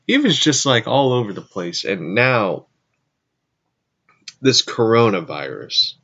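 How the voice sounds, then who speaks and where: A man's voice: mid-range voice, very animated, slow, pushed and bright, lo-fi sound. A man hosting his own show, telling a rambling story in a casual way and correcting himself as he goes. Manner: rambling, self-correcting, frequent asides. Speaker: show host.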